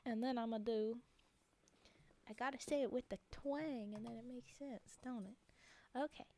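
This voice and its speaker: Live-streaming from home on a desk mic, a woman rambles in casual chat, giggling a lot and making fun of herself. Her voice is fairly high with a darkish tone, and she speaks at a moderate pace.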